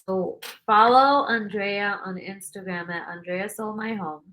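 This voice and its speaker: A woman's voice: medium pitch, a little slow, bright, forceful tone. A woman hosting a podcast, chatting in an encouraging way and laughing often. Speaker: podcast host. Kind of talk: casual podcast interview.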